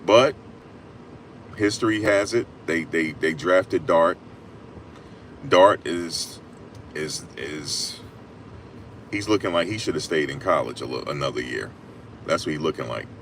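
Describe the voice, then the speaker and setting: A man giving casual, emphatic sports talk on a live stream, repeating his points and rising to loud peaks. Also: rumbling low, measured pace, long pauses, slight background noise. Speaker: sports commentator.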